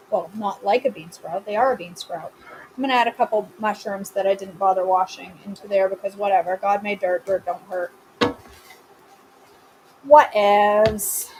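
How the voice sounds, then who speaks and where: A woman's voice: medium pitch, darkish tone, slight background noise, rough recording. A woman hosting a live cooking stream from her home kitchen, chatting casually and answering viewers by name with playful, self-mocking humor.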